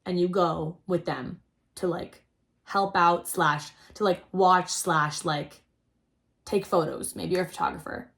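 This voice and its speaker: A young adult woman hosting a casual storytelling chat, rambling and excitable, saying "like" constantly. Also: lowish voice, measured pace, creaky. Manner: rambling and excitable, heavy use of "like". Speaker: host.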